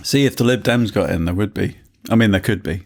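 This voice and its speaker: Rambling podcast host, lowish voice. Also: male voice, fairly quick, gravelly, darkish tone. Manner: rambling, joking, laughs often. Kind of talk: casual chat.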